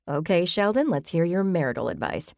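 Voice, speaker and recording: A woman's voice: on the low side, lively intonation, fairly quick, vocal fry, darkish tone, no echo, clean studio sound. A woman doing a bubbly hostess.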